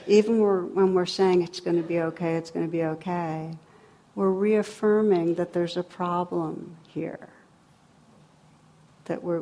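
A woman's voice: lowish voice, a little mellow. A middle-aged woman giving a dharma talk as a meditation teacher, wry and humorous, then reflective.

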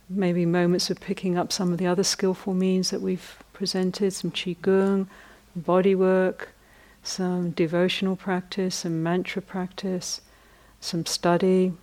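A middle-aged woman, a meditation teacher, giving a reflective dharma talk at a retreat in a conversational way, with frequent pauses and restarts and laughter at her own jokes. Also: on the low side, darkish tone.

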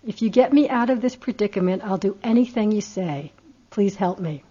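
A man's voice: high voice, moderate pace, warm tone, husky. A woman voicing a frightened man clinging to a branch and pleading for help, on a dull lo-fi recording.

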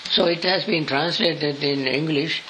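An older man, a monk teaching a scripture study class with slow, halting explanations and spelled-out words. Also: fairly high pitch, background noise.

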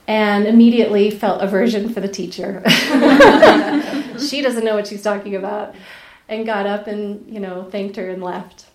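A woman meditation teacher giving a dharma talk, telling a personal story candidly, laughing often and dropping to soft, near-whispered asides. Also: medium pitch, fairly even intonation, a little slow, echoey room, slight background noise. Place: retreat center meditation hall.

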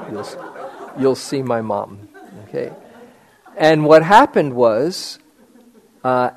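An older man telling a personal story in a meditation talk, halting with many fillers and restarts. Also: mid-range voice. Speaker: meditation teacher.

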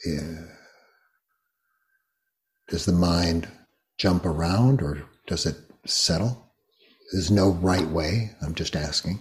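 An older man guiding a meditation talk, speaking slowly and gently with many long pauses. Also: low voice. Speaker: meditation teacher. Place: retreat hall.

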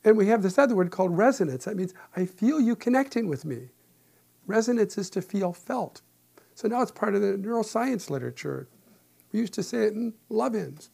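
A man in his sixties, a meditation teacher and therapist, giving a calm, reflective dharma talk with gentle humor. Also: high-pitched, fairly quick, gravelly.

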